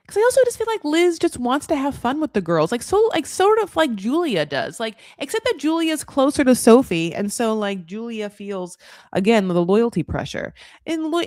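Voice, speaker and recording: A woman's voice: fairly high pitch, darkish tone, dry recording, clean studio sound. A woman hosting a reality-TV recap who talks in candid, profane, gossipy casual commentary, filled with "like".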